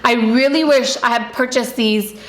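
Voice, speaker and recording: A woman's voice: on the high side, moderate pace, a bit bright. A pregnant young woman chatting casually about products she uses, filling her talk with likes and ums. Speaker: vlogger. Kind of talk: casual product review chat. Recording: echoey room.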